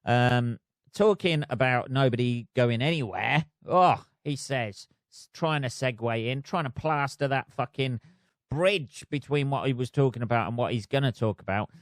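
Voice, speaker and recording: A man's voice: mid-range voice, moderate pace, no room sound, studio quality. Sweary, rambling man. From United Kingdom. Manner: sweary, rambling, self-mocking. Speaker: podcast host. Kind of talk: casual solo rant. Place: flat.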